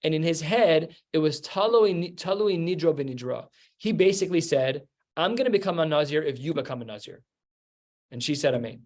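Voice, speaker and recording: A man's voice: fairly high pitch, lively intonation, brisk, darkish tone. Man teaching Talmud, patient step-by-step. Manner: explains step by step, mixing Aramaic terms into plain speech. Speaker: rabbi teaching a Talmud class. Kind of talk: Talmud class lecture.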